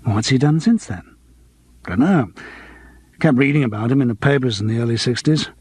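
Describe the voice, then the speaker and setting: A man's voice: mid-range voice, lively intonation, normal speed, a little mellow, slightly rough. A man voicing a theatrical middle-aged stage actor with a grandiose, self-mocking manner. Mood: reminiscing.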